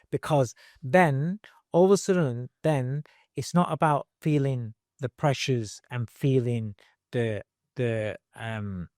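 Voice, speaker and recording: A man's voice: medium pitch, a little mellow, no echo, clean studio sound. A middle-aged man, a boxing trainer, telling his story earnestly in an interview, restarting and repeating himself, with casual slang. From Britain.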